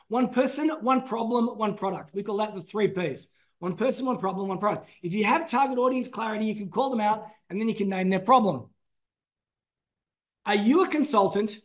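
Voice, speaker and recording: Man, high-pitched, energetic, presenting a business class. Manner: energetic, emphatic, calls out names to the audience. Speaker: business trainer. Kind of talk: masterclass presentation.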